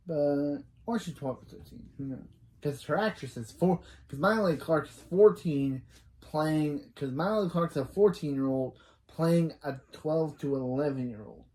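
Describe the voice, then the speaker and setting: A man's voice: fairly high pitch, darkish tone. A man casually recapping a kids' show episode, rambling and correcting himself as he reacts. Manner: rambling, self-correcting asides. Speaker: show reviewer.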